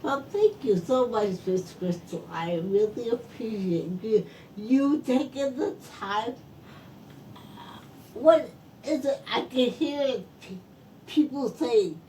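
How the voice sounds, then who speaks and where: A woman host whose speech is slow and halting after a stroke, often repeating words as she works through a question. Her voice sits fairly high and she talks at an unhurried crawl. She is heard from a distance, with a low rumble of noise underneath. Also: animated, dark tone. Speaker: podcast host and interviewer. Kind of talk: interview. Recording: distant mic with background noise.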